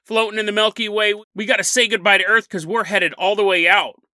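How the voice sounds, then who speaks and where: Guy doing a solo podcast, bright voice, rambly and laughing as he tells it. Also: high voice, a little fast, no echo. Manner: chatty, animated storytelling with frequent laughs. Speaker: podcast host. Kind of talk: casual solo podcast monologue.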